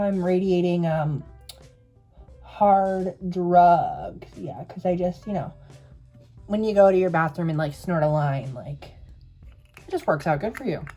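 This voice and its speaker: A man's voice: sits high, a little mellow. A young man in drag telling a spooky story to camera in a sassy, profane, dramatic way.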